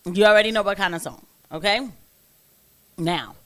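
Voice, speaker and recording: A woman's voice: mid-range voice, moderate pace, a bit bright. A woman hosting a casual reaction commentary, talking emphatically and asking viewers rhetorical questions. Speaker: commentary host.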